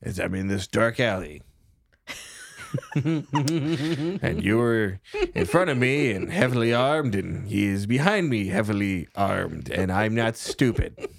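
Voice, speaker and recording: A man's voice: lowish voice, animated, measured pace, gravelly, long pauses, exaggerated voice. A man voicing an overly polite, stranded male medic with a cold who rambles and sniffles. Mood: rambling.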